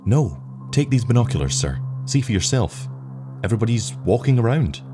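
A man voicing a patient, soft-spoken lieutenant who answers his captain deferentially. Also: medium pitch, sing-song, moderate pace, over music, voice pushed up, natural voice. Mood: quiet, awed. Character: patient, dazed young male lieutenant.

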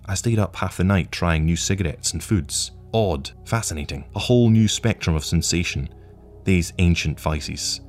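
A man's voice: deep voice, soft background music, lightly acted. Man doing a cold, patient future agent. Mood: menacing. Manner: calm, wry, languid, measured.

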